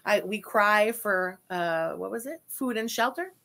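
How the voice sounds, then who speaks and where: A woman's voice: medium pitch, a little slow, gravelly, fairly bright tone. Blunt woman co-host reading chats. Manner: blunt, dismissive. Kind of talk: casual stream chat.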